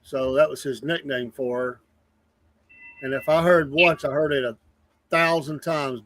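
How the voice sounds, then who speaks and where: A man co-hosts a casual chat, telling stories earnestly and hedging. His voice sits a little high. The sound is dry and close. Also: steady tone, a little slow, long pauses, a bit bright, dry recording. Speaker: co-host.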